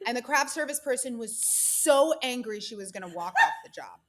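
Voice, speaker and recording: A woman's voice: fairly high pitch, animated, normal speed, background noise. A woman producer as an interview guest, telling stories from film sets in an earnest, chatty way with frequent laughs. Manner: earnest, storytelling, laughs often. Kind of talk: casual interview talk.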